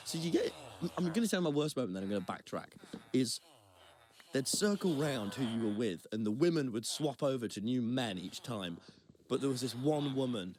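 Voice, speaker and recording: A man's voice: medium pitch, a little mellow. A young man co-hosting a chat podcast, telling a rambling, self-deprecating story with lots of restarts. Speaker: podcast co-host. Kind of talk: casual anecdotal storytelling. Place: Brighton.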